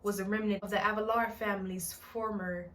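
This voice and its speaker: A woman's voice: mid-range voice, steady tone, a little fast, slight background noise. A woman reading a novel aloud in a casual way, often breaking off to joke and comment on the story. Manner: reads aloud, breaks off to joke and laugh at the text. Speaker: book reader and channel host. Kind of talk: casual book reading with comedic asides. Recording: distant mic with background music.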